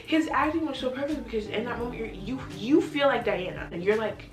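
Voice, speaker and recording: A young woman chatting excitedly as she reviews a TV series, in a gushing, rambling way. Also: high-pitched, normal speed, hardly any pauses. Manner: gushing, chatty, restarts often. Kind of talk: casual chat. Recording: echoey room from a distance, music behind.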